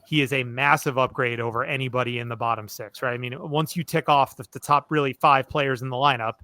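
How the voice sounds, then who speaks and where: A man hosting a sports podcast, talking things through in an easygoing, unscripted way. His voice is bright and forceful. The sound is dry and close, with no room in it. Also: medium pitch, steady tone, a little fast, no echo. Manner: loose and conversational, leaning on fillers like "look" and "you know". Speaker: podcast host. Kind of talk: casual sports podcast chat.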